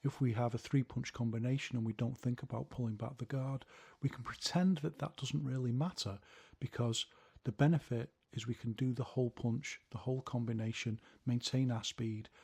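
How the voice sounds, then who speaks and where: Husky-voiced man teaching martial arts. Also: medium pitch, a little mellow. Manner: explanatory, counts punch rhythms aloud. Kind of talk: instructional video narration.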